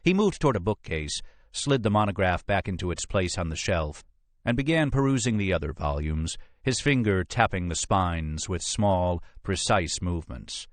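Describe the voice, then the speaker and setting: A man reading a thriller audiobook in measured, expressive scripted narration. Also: low voice, no echo.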